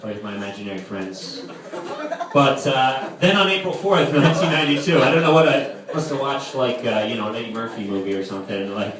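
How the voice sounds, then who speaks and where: A young camp counselor does live stand-up in a camp hall, his rambling, filler-heavy delivery heard far off amid crowd noise in a very echoey room. His voice is medium-pitched, expressive, and fairly quick.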